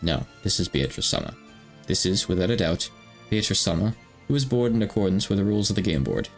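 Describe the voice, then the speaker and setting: A grave old butler, as a male streamer voices him, pitched far down and kept quiet and measured. He speaks with deferential calm, and faint music hums behind. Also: gravelly, heavily acted. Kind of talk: visual novel read-aloud.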